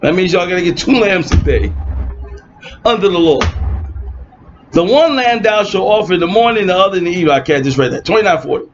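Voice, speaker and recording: A man's voice: sits high, animated, fast talker, long pauses, a little hiss or hum. Sarcastic man teaching scripture, lo-fi. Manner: reads verses aloud, then mocks opponents with sarcastic asides. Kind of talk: informal online Bible teaching. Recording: dull lo-fi recording.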